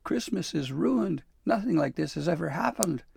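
A man voicing a small, prim and fretful female elf with shrill, scolding cries. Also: animated, normal speed, gravelly, a little mellow, husky, heavily acted. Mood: distraught.

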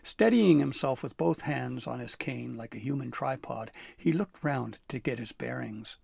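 A man narrating a storybook with an expressive, dramatic read-aloud manner. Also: medium pitch, normal speed, creaky, breathy edge, dry recording.

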